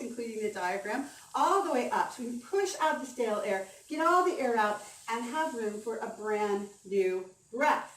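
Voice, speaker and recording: A woman voice coach giving an upbeat, encouraging talk at a conference, leading the audience through breathing exercises. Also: fairly high pitch. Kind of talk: presentation on stage. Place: conference hall. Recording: roomy hall sound from a distance, faint ambience.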